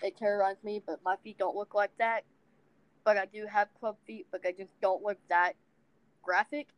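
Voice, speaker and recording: A woman's voice: mid-range voice, steady tone, normal speed, dry recording, low-quality recording. A woman from the American South with a Southern accent, chatting casually as a podcast co-host and rambling with frequent asides. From Southern United States. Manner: rambling, self-deprecating, many ums and anyways. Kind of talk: casual chat.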